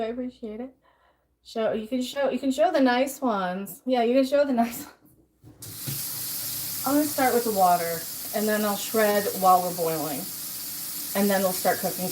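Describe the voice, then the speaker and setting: A woman's voice: a little high, a little mellow, a little hiss or hum. Chatty woman streaming while she cooks. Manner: chatty, talks to herself and answers chat while cooking. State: out of breath at times. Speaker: livestream host. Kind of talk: casual cooking livestream chat.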